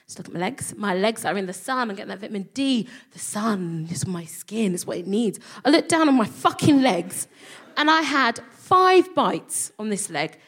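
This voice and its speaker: A woman with a London accent performs a stand-up set in front of a live crowd. Her voice is husky and slightly rough, sitting at a middle pitch. She tells her story with animation and keeps slipping into the voices of the people in it. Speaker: comedian co-host. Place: live theatre with audience.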